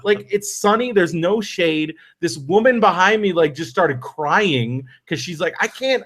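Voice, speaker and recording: A man hosting a podcast, telling a long story in a casual, animated way, acting out the people he quotes and using lots of fillers and restarts. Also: high voice, measured pace. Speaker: podcast host.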